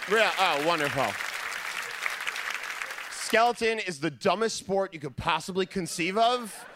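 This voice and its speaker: A man performing a stand-up comedy set, telling family stories in an animated way and acting out their voices. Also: high voice, a little slow, long pauses, a crowd in the background, noisy background. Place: theater stage.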